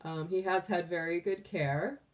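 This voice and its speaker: Her voice lowish and steady, a middle-aged woman chats at a measured pace on her tarot livestream. She's doting and laughs often, broadcasting from a closed room at home with her voice somewhat far from the mic.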